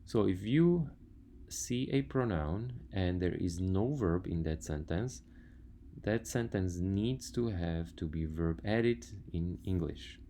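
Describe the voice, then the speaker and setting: A man's voice: deep voice, animated, slow, warm tone, a little hiss or hum. A man teaching a language lesson, patiently listing words one by one and explaining grammar step by step. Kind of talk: slide lecture on grammar.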